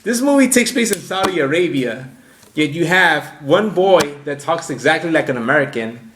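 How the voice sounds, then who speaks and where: A man's voice: a little high, animated, moderate pace. A man co-hosting a casual podcast, going on profane, heated rants and laughing with friends. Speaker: podcast co-host. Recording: echoey room with faint noise.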